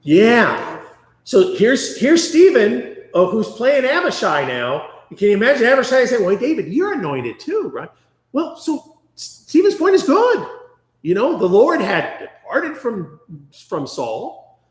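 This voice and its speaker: A man leading a conversational Bible study, chatty and animated, often acting out quotes. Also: very high voice, slow pace. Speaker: Bible class teacher. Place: church classroom. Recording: echoey room.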